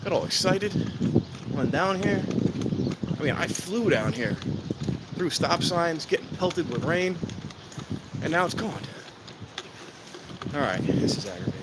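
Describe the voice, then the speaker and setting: A man's voice: a little high, big pitch swings, unhurried, long pauses, heavy background noise. A man hosting a casual trainspotting live stream outdoors at a station, grumbling and exasperated while he waits. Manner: grumbling, exasperated, talking to himself. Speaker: trainspotting livestream host.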